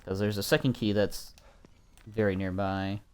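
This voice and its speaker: A young man from Minnesota streams a horror game, chatting easily with viewers and swearing often. His voice is on the low side at normal speed, with slight background noise.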